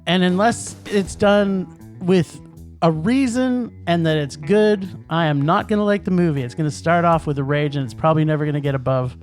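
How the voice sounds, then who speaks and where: A man's voice: a little high, moderate pace, soft background music. A man co-hosting a podcast, ranting about movies in casual chat, emphatic and laughing. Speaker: podcast co-host. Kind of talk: casual film-review chat.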